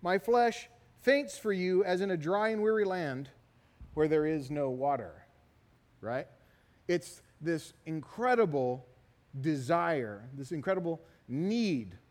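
A middle-aged man preaching a sermon, telling stories in an animated way and often asking "right?". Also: a little high, slow. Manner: animated storytelling, repeated "right?" tags. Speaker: pastor. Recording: long hall reverb.

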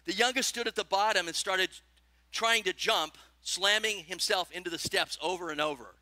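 Putting question after question to his congregation, a pastor delivers a lively, animated sermon in a high, very bright voice. The sound is close and dry, with no room around it.

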